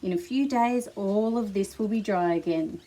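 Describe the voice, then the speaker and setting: A woman voicing a calm, good-humoured male patchwork elephant in a children's picture book. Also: mid-range voice, normal speed, natural voice, low-quality recording.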